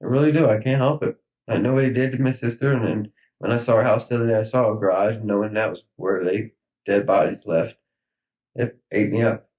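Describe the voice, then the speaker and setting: A man in his thirties speaking in a recorded police interview, halting and grief-stricken, with many fillers and trailing pauses. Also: lowish voice, fairly even intonation, a little mellow, highs cut off. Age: 30s.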